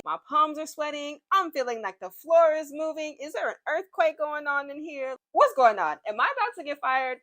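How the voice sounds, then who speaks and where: Young woman, slightly high voice, dramatic storytime vlogger, slangy asides. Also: fairly bright tone. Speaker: vlogger telling a workplace story. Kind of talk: animated storytime monologue.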